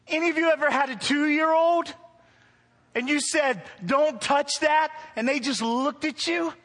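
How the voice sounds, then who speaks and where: High bright-voiced male preacher. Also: moderate pace. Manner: storytelling with humor, rising to emphatic preaching. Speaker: pastor. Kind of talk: sermon. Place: church before a congregation.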